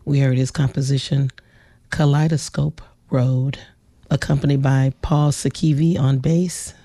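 A woman hosting a jazz radio show, hoarse and raspy from being under the weather, chatting in a relaxed, personal way. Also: a bass voice, measured pace, dry recording, studio quality. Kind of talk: radio announcing. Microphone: studio microphone.

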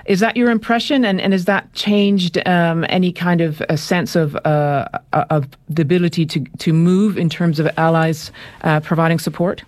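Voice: mid-range voice, fairly even intonation, normal speed, dry recording. Anchor interviewing a reporter live, conversational questions, dry studio sound. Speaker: news presenter.

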